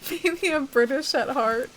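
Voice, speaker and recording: A young adult woman streams a game, chatting casually, reading chat aloud and rambling with lots of "like" and "uh." Her voice sits high with huge pitch swings and a bit of brightness, and she takes it slowly. The recording is rough, with a little hiss or hum.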